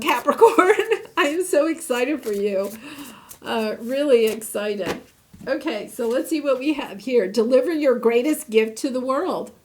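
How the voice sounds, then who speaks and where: Enthusiastic woman tarot reader, higher voice, chatty and upbeat. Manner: warm, enthusiastic, chatty with laughs. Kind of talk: casual tarot reading.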